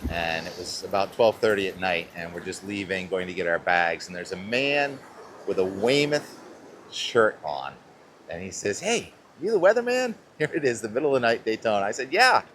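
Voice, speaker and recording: A man's voice: sits low, normal speed, a bit bright, a little hiss or hum. A man talking casually through a weather forecast outdoors, chatty and rambling, breaking off mid-thought. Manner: chatty, rambling, self-interrupting. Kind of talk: casual live weather show. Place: outdoors at a beach.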